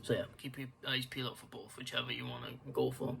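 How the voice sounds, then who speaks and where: A man's voice: mid-range voice, level tone, quick pace, vocal fry, noisy background. Tired, rambling man talking fight picks. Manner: rambling with many fillers and restarts. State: tired, yawning. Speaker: MMA prediction channel host. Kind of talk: casual fight-prediction commentary.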